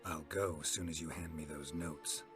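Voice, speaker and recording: An actor playing a blunt, gruff middle-aged male monster hunter in video game dialogue, speaking in a terse, flat, curt way. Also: extremely low pitch, normal speed. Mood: cold. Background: game music.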